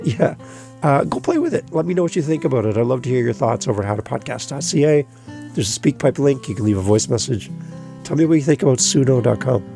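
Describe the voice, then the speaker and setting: A man's voice: mid-range voice, creaky, warm tone. A man hosting his own podcast alone, talking emphatically and repeating phrases for stress. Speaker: podcast host. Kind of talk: solo podcast monologue.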